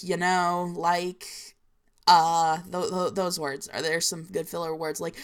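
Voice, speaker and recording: A woman's voice: fairly low pitch, little pitch movement, normal speed. Chatty New Jersey woman podcaster. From New Jersey, USA. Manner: rambling, filler-heavy, chatty. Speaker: podcast host. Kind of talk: casual solo podcast chat.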